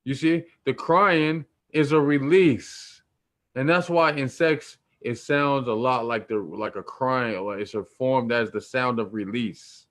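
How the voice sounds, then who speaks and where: A man's voice: mid-range voice, a bit bright. A man teaching about spirituality in a loose, slangy, preachy way, repeating points for emphasis. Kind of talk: casual spiritual teaching talk.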